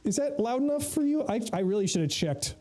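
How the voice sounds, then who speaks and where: A man's voice: extremely high pitch, big pitch swings, fast talker, warm tone, soft background music. A man livestreaming an online game in character, joking around in a put-on Scottish-Irish lilt and laughing often. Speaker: streamer role-playing in an online game. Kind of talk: in-character role-play livestream chat.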